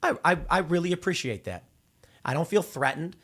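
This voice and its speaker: Animated male host, lively rambling commentary. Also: fairly high pitch, fairly quick. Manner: rambling, repeats words when restarting; acts out quoted people in exaggerated voices. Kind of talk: casual opinion commentary.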